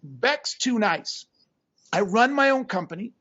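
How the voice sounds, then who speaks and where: High-voiced man ranting bluntly. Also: sing-song, unhurried, muffled recording. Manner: blunt, profane, ranting, bursts into shouting. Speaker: podcast co-host. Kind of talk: fired-up podcast rant.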